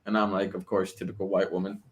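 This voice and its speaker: A man in casual podcast chat, telling stories in an animated, profane way. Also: deep voice, fast talker.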